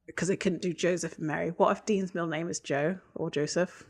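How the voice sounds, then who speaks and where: Podcast co-host, woman with a slightly low voice, thoughtful, circles her point before landing it. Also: steady tone, fairly quick. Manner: thoughtful, rambling, trails off mid-sentence. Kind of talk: casual chat discussing a TV episode.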